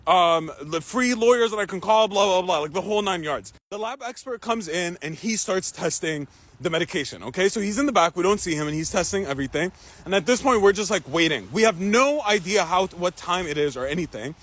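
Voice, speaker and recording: Young man, high-pitched, animated storyteller, swears and laughs easily. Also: fairly quick. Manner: animated, swears freely, laughs through the telling. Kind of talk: casual storytime.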